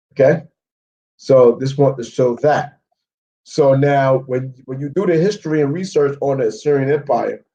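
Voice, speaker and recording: Slow, mellow-voiced man teaching Bible history. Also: medium pitch, muffled recording. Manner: checks in with frequent "okay?"; walks through maps and word studies on screen. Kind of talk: live Bible history lesson.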